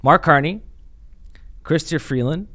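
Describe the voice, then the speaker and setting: A man's voice: fairly high pitch, measured pace, fairly bright tone. A man from Canada co-hosting a political podcast, talking in a casual, chatty way and laughing often. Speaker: podcast co-host.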